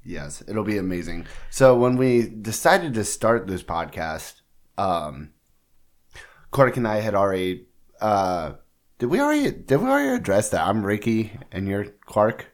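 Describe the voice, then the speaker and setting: A man co-hosting a podcast in casual chat, with a raspy voice and an easygoing, laid-back way of talking. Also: on the low side, sing-song, a little slow. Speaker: podcast co-host. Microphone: studio podcast mic across a table.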